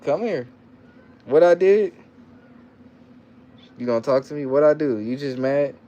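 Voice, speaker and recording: Reading out viewer comments on his laid-back livestream, this host repeats himself in loose slang and coaxes his child playfully. His slightly high, mellow voice is animated but a little slow, recorded with lo-fi sound.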